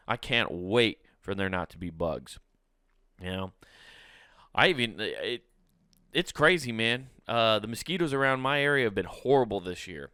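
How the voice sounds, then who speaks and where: A man's voice: fairly low pitch, expressive, moderate pace, pushed and bright, clear, resonant tone, dry recording, clean studio sound. A man hosting a solo podcast, talking in a rambling, jokey way, laughing often and swearing now and then. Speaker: podcast host. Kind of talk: casual solo podcast chat.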